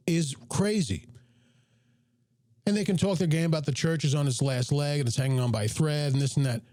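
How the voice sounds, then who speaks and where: Emphatic male host, lively swinging pitch, mellow dry close-mic sound, riffing on his own clips. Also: no room sound. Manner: animated, emphatic, jokey asides. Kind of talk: live commentary over video clips, reading chat.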